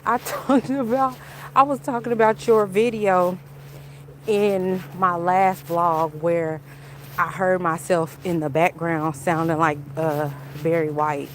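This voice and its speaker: A woman chatting on a casual walk-and-talk livestream outdoors, talking in an animated way and answering viewers' comments. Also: on the low side, slow pace, a little hiss or hum. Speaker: livestream vlogger.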